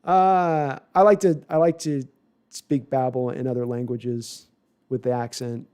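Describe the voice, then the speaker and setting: A man hosting a casual live stream, reading viewer comments aloud and answering them with quick asides and self-corrections. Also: mid-range voice, little pitch movement, darkish tone, smooth. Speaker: livestream host answering viewer chat. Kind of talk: casual live chat about football.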